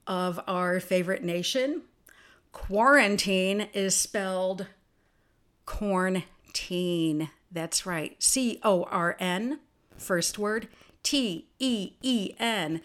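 A woman hosts her own podcast in a casual solo monologue, chatting at a slow pace in a mid-range voice. At times she spells words out letter by letter.

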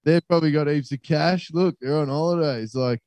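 A man's voice: on the high side, a little fast, a little mellow, no room sound. A young Australian man telling a travel story in casual, sweary chat. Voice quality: sweary, laid-back storytelling.

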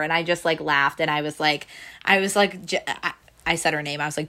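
Young woman, casual storyteller, lowish pitch with a sharp bright tone, acts out quotes, lots of "like". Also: fairly even intonation, a little fast. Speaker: bank teller telling a story. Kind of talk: casual chat.

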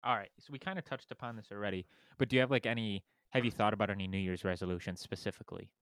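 A man's voice: on the low side, fairly even intonation, rapid-fire, fairly bright tone, no room sound. A young man hosting a podcast in casual chat. He rambles and fills his talk with "like". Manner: rambling, lots of "like". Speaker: podcast host.

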